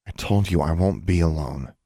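Male reader doing a soft-spoken, determined young girl, deep voice, barely shifted. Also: moderate pace, no echo, studio quality. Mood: earnest. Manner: quiet, soft, earnest.

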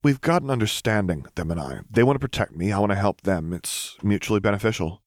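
A man voicing Luke, an earnest, flustered teenage boy who looks after a group of clones, with a hurried, protective manner. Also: lowish voice, animated, no room sound, clean studio sound, lightly acted. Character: earnest teen male clone caretaker, flustered.

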